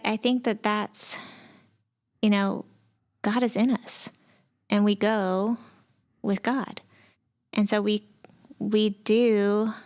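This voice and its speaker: A woman's voice: medium pitch, darkish tone. A woman from Texas, a pastor co-hosting a podcast, talking casually and reflectively with many fillers. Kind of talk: casual conversation.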